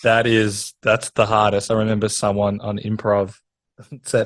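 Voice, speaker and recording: A man's voice: fairly low pitch, monotone, normal speed, no echo. A man hosting a podcast interview, eager and rambling in his questions, often laughing. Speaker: podcast host. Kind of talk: interview chat.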